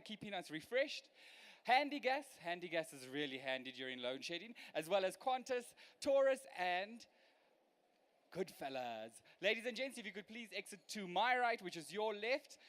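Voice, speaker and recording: A man's voice: sits high, a bit bright. A man emceeing a live food show, hyping the crowd and thanking the sponsors. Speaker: event host and emcee.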